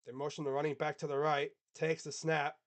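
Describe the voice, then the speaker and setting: A man doing casual live play-by-play on a reaction stream, chatting with viewers between calls. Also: fairly quick. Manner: casual, chatty, reads and answers live chat; excited play calls mixed with low asides. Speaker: sports streamer.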